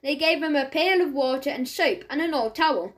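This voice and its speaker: A woman narrating a children's audiobook in a clear, steady storytelling manner. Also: sits high, a little fast.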